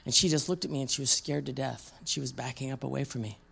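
A woman preaching a sermon with a gravelly, fry-edged voice. She talks to the room conversationally, tosses out questions and slips into quoted voices as she tells it. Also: rumbling low, fast talker, fairly bright tone.

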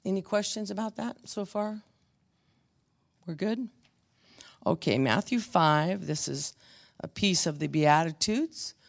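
Brief: woman Bible study teacher, gravelly voice, conversational storytelling style. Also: fairly low pitch, lively intonation, takes it slowly, long pauses. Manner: chatty storytelling with frequent restarts.

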